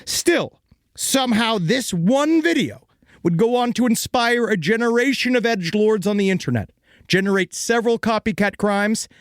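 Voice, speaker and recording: A man's voice: high voice, lively intonation, moderate pace, smooth, dry recording, clean studio sound. An American man hosting a comedy podcast, narrating a true crime story in a playful, theatrical way. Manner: playful, theatrical, laughs often.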